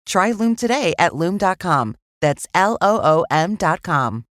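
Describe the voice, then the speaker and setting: A woman gives an upbeat sponsor read for a software product. Her voice is lowish and swings lively in pitch. The recording is close and dry. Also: unhurried, no echo. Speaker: ad announcer.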